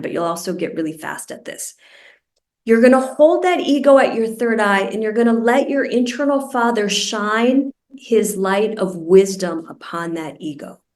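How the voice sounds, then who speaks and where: A woman meditation teacher guiding a group through a breathing practice, speaking slowly and deliberately, over a video call. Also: medium pitch, darkish tone. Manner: slow, deliberate, soothing instruction. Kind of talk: guided meditation instruction. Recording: roomy and distant from the mic.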